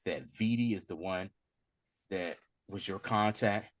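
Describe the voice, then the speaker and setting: A man voicing a scheming male crime boss in a low, hushed, urgent voice while retelling a show. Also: unhurried.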